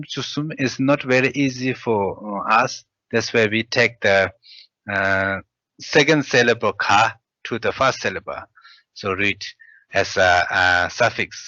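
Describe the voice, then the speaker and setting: Slow male teacher sounding out syllables. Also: lowish voice, pushed and bright, no room sound. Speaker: language teacher. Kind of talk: spelling out syllables in a lesson. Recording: dull lo-fi sound.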